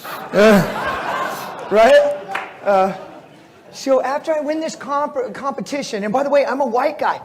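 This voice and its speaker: A middle-aged man from the United States telling lively stories to an audience at a fitness symposium, with fillers, restarts and laughter. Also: very high-pitched, slow, long pauses, noisy background. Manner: animated, laughing storyteller with filler words and restarts. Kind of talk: storytelling talk to a live audience.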